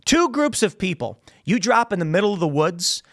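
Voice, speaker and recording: In a ranting monologue aimed at his critics, a podcast host mocks them and repeats phrases for emphasis. His high, fairly bright voice makes big pitch swings at a moderate pace. He speaks straight into a studio microphone.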